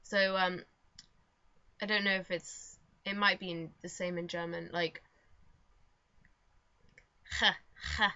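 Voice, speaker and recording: A woman's voice: fairly low pitch, flat delivery, measured pace, pushed and bright. A young woman vlogging in casual chat at home, rambling and self-mocking with lots of fillers. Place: home room. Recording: dull lo-fi home recording.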